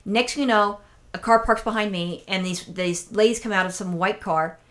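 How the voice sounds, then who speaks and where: A woman casually telling a long, animated story on a chat show, acting out the voices of people she met and swearing freely. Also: mid-range voice, moderate pace. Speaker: podcast co-host telling a story.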